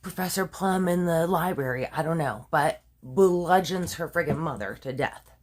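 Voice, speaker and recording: A woman's voice: low-pitched, moderate pace. A woman tells a true crime story in a loose, conversational way, stacking fillers and side comments. She leans into the drama of her own telling and chuckles at it. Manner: chatty, full of fillers and asides.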